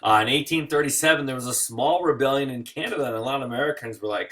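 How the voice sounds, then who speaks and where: A tired man teaching history in a recorded slideshow lecture, joking and acting out quick little voices. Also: mid-range voice, a bit bright.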